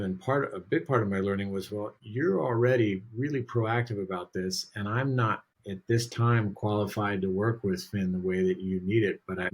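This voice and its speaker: A middle-aged man with a low, husky voice talks in relaxed conversation. He sounds earnest and reflective, candid about his own mistakes. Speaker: podcast guest, dog trainer. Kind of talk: casual conversation.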